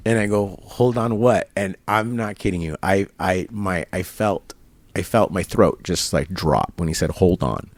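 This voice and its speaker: Low-voiced man retelling a story animatedly. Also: unhurried, no room sound. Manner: animated retelling with quoted dialogue and laughs. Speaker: interview guest. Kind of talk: storytelling in casual conversation. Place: barber shop.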